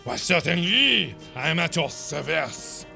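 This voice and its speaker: A man voicing a pompous, slow-talking male detective with a put-on French accent. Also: a little high, big pitch swings, vocal fry, bright, forceful tone, faint music behind, exaggerated voice. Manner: slow, grand, theatrical.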